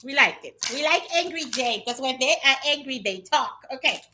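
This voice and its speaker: A woman's voice: high voice, animated, fairly quick, noisy background. A woman giving a casual, blunt psychic reading to her viewers, chatty and swearing freely. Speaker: psychic reader.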